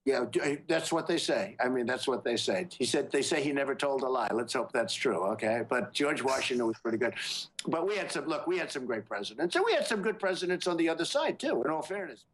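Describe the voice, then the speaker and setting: A man answering in a rambling, halting way, often restarting his sentences. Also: mid-range voice, sing-song, a little hiss or hum. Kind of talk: casual interview answer.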